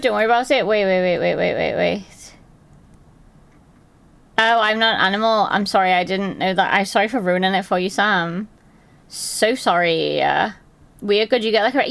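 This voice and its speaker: A woman chatting casually on a live stream, telling stories in a lively way and swearing and laughing often. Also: mid-range voice, vocal fry.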